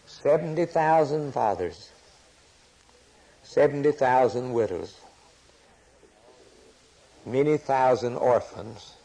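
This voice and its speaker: Male preacher, impassioned sermon delivery, slow with a husky edge. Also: medium pitch, poor audio. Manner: impassioned, rising to sudden loud peaks.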